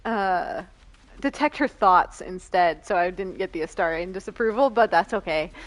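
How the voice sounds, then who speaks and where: A woman's voice: on the low side, normal speed. A young woman playing a video game and chatting casually, laughing often and reading dialogue choices aloud. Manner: reads dialogue options aloud. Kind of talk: casual let's-play commentary.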